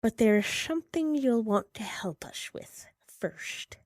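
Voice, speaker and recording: Woman doing a rasping slow lioness. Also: mid-range voice, wildly swooping pitch, darkish tone, no echo, clean studio sound, exaggerated voice. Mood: menacing. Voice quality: raspy. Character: rasping female lion creature, calm and predatory.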